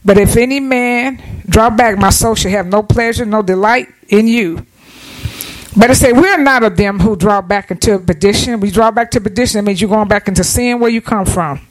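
A woman's voice: mid-range voice, normal speed, rough recording. A woman preacher delivering a down-to-earth, conversational sermon in church, calling for amens from the congregation. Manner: folksy, down-to-earth preaching with call-and-response.

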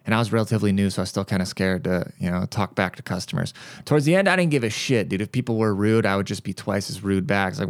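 A man's voice: fairly low pitch, animated, quick pace, no room sound, studio quality. A man hosting his own podcast, telling stories in a blunt, profane, ranting monologue. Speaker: podcast host.

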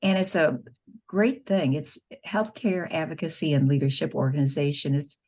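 In a low-pitched, steady, darkish voice at a moderate pace, a middle-aged woman who is a nurse and pro-life spokeswoman earnestly tells patient stories. It's a conversational interview, and she acts out the dialogue as she goes.

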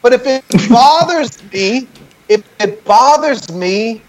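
A man's voice: extremely high pitch, lively intonation, slow, rough recording. A man in casual explanatory chat on a remote call, talking things through and checking in with "right?" as he goes. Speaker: band member on a group call.

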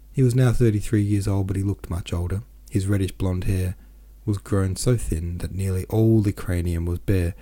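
A man reading a classic novel aloud as narrator in a measured, deliberate way. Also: low-pitched, warm tone. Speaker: audiobook narrator, podcast host.

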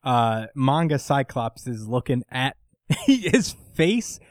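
A man co-hosting a casual manga chat, talking in an animated way, swearing often and acting out characters' lines. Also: medium pitch, slow, dry recording. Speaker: podcast co-host recapping manga.

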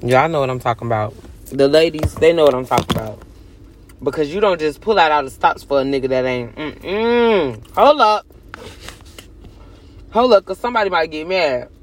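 Young woman vlogger, chatty and profane, jumps between loud and hushed. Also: deep voice, moderate pace. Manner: animated, swings from loud bursts to hushed asides, cursing and joking. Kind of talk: casual chat to camera.

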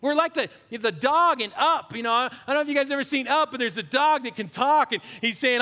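A man preaching a sermon as a pastor, animated and shifting from loud bursts to hushed, prayerful passages. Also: extremely high pitch, a little fast, hardly any pauses, big-room sound.

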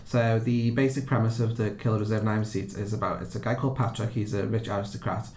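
A man with a lowish, darkish voice hosts a horror podcast, talking quickly with little pitch movement. He's chatty, laughs easily, and pokes fun at himself as he introduces the episode in casual podcast chat. The room is echoey, with a little hiss or hum.

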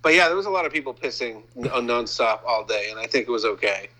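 A man's voice: mid-range voice, expressive, fast, a loud crowd, poor audio. A man from Maine, co-hosting a casual comedy chat, rambling and riffing on absurd bits with plenty of swearing.

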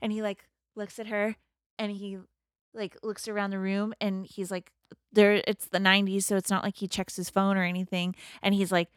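A woman recaps a film for laughs, tumbling through the story with constant "like"s. She jumps into little voices for each character along the way. Her voice sits at a middle pitch and the recording is dry and close. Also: normal speed, no room sound. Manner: animated storyteller, acts out quotes, lots of "like". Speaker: podcast co-host. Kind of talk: casual comedic movie recap.

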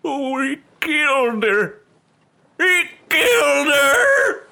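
A man voicing a grieving, hysterical man who lives in the sea, wailing and shouting through sobs in an improvised comedy scene. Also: medium pitch, moderate pace, voice pushed down.

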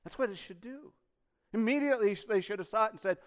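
A male pastor delivering an impassioned sermon, swinging between loud emphasis and hushed asides and posing rhetorical questions to the congregation. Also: sits high, quick pace.

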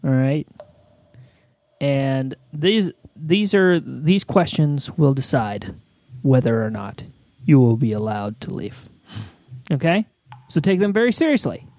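A man runs an improvised comedy quiz in slow, drawn-out phrases and chuckles between lines. His voice sits in a middle pitch, and the sound is dry and close. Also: animated, darkish tone, no echo. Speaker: quiz host.

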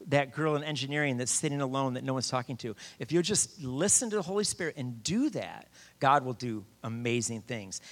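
A middle-aged man preaching a sermon, telling his own story with lively quoted voices. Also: mid-range voice. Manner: animated storyteller, shouts quoted lines. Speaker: campus minister preaching. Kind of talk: sermon with personal testimony.

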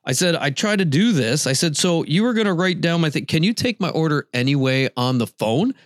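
Animated laughing man telling a story. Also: a little high, fairly quick, no room sound, clean studio sound. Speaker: podcast co-host. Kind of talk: casual storytelling chat.

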